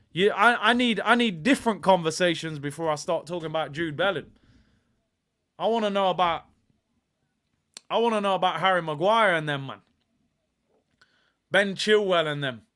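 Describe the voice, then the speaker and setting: A man hosting a football watch-along stream, excitable and slang-heavy, often shouting. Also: high-pitched, moderate pace, pauses often. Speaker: streamer host.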